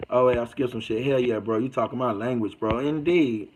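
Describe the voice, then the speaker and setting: A man's voice: mid-range voice, fairly quick, hardly any pauses, noisy background. A man hosting a casual livestream, reading out comments and preaching in a loose, slangy way. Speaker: livestream host.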